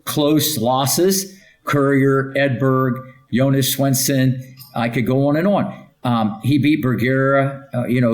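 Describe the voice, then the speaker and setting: An older man and tennis coach telling stories in a podcast interview, emphatic and punchy, rattling off lists of names and checking in with "okay?". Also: mid-range voice.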